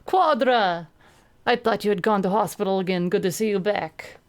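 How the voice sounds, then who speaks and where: Huge friendly bruiser man voiced by a woman, simple broken phrasing, booming. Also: normal speed, lightly acted. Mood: eager. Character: huge friendly Russian male team bruiser.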